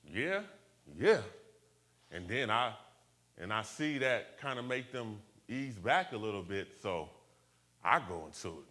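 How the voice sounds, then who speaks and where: Lively storyteller man from Buffalo. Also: fairly low pitch, a little slow. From Buffalo, New York. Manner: animated, acts out the voices of people in his story. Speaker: speaker telling his life story. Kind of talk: personal storytelling talk.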